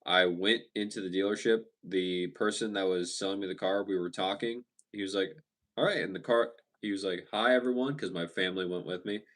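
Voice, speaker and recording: Young male streamer, deep voice, laid-back and chatty, trips over his words and restarts. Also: brisk. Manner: relaxed, chatty, many restarts and stumbles. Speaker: livestream host. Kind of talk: casual live chat reading viewer comments.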